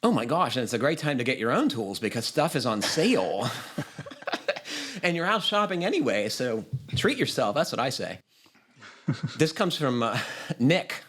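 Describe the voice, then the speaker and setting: A man's voice: medium pitch, very animated, moderate pace, a bit bright, husky. Chatty man hosting a podcast. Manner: chatty, easygoing, laughs often. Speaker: podcast host. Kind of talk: casual podcast chat, reading a listener email.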